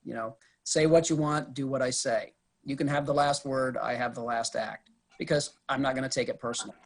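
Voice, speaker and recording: A man's voice: medium pitch, fairly even intonation, a little fast. A man, a police officer, giving a conversational de-escalation presentation to a board over a video call. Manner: conversational, acts out quotes from arrestees.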